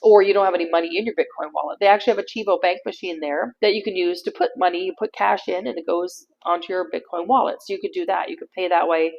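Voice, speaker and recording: A middle-aged woman from Canada, chatting in a casual vlog and telling stories in an animated way, laughing easily. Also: lowish voice, quick pace, vocal fry, few pauses, dull audio. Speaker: vlogger.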